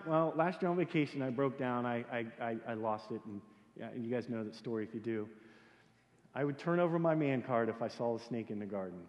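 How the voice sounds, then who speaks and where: A male pastor preaching a sermon in a church, animated and joking, often repeating words as he starts sentences. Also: medium pitch. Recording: echoey hall reverb.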